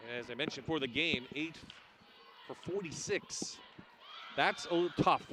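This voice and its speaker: A man calling a college basketball game play-by-play, with crisp, clipped calls and light banter with his partner. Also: a little high, moderate pace. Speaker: play-by-play announcer.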